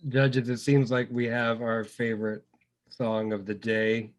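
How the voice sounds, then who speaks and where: Male host of a music competition; brisk, even pitch, gently teasing.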